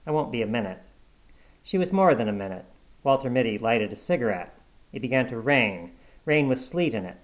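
A man narrates a short story in a steady, measured reading voice. His pitch sits in an ordinary middle range. The pacing stays even throughout. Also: low-quality recording.

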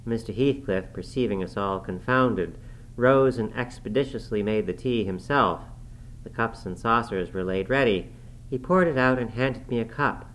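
A man reading a classic novel aloud in a measured, formal narrating manner. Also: mid-range voice, a bit bright, a little hiss or hum, rough recording. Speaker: audiobook narrator.

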